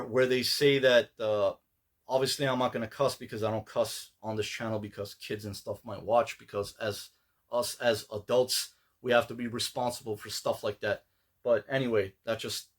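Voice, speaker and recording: Rambling male collector vlogger. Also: medium pitch. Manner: rambling, relaxed, many fillers and restarts. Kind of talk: casual pickups vlog.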